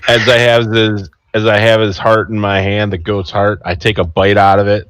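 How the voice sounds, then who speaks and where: A man playing in a tabletop game, slow and unhurried as he makes declarations in character. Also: fairly low pitch, flat delivery, fairly bright tone, clear, resonant tone, no room sound. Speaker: player. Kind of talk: casual tabletop game play.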